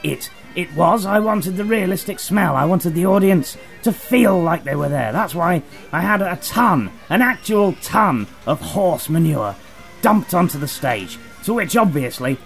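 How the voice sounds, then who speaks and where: A man's voice: high-pitched, lively intonation, unhurried, creaky, a bit bright, soft background music. A man in a comedy sketch, talking in a pompous, self-important way. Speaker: actor character.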